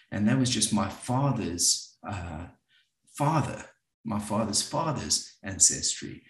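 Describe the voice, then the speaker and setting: Middle-aged man, low voice, reflective storytelling, halting with fillers, echoey room. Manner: reflective, hesitant, many filler words. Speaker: workshop facilitator. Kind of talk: personal storytelling talk to a group. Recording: roomy echo.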